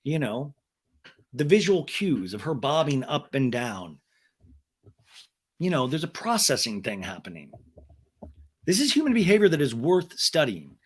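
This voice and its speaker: A sarcastic male podcast host giving comedic recap commentary, his speech full of swearing. His voice sits a little high and swoops a lot as he riffs. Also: breathy edge. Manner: animated, sarcastic, profane.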